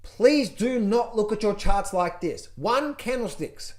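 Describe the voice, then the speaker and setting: A man's voice: high voice, expressive, measured pace, hardly any pauses, darkish tone. A man coaching traders through charts, talking to viewers with energy and lots of repetition, sometimes mimicking panicked traders. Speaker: trading coach. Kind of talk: chart walkthrough, direct to viewers.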